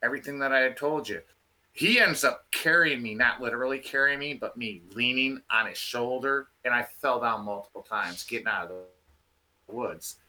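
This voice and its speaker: A man telling a field story in a casual, animated way, restarting his sentences often. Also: medium pitch, normal speed. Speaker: field researcher guest.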